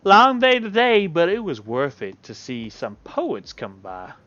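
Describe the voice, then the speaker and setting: A man's voice: fairly high pitch, huge pitch swings, unhurried, bright, forceful tone, dry recording, lo-fi sound, pitched above the performer's own voice, full character voice. A man voicing a chirpy, friendly woman who runs a salon, in a bubbly, upbeat way. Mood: cheerful.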